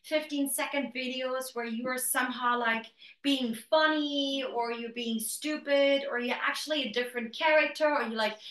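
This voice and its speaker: Bright chatty woman host, echoey. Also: high voice, normal speed. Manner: chatty, peppered with "like". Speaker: podcast host. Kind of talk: casual interview talk. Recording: roomy echo.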